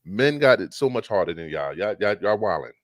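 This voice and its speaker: A man's voice: on the low side, very animated, brisk, no echo. A man co-hosting a podcast in casual chat, brash and profane, joking and arguing. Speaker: podcast co-host.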